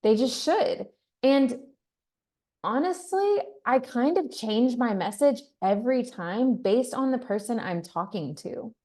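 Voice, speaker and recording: A woman's voice: fairly high pitch, lively intonation, slow, a little mellow. A woman from Texas leading a team training, talking in an upbeat, chatty way and acting out sample scripts. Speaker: team leader. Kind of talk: training talk.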